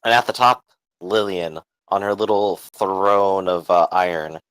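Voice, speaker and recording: A man running a tabletop game as game master, describing scenes with many small pauses. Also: low voice, a bit bright, clear, resonant tone, no echo, poor audio. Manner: descriptive, full of uh fillers.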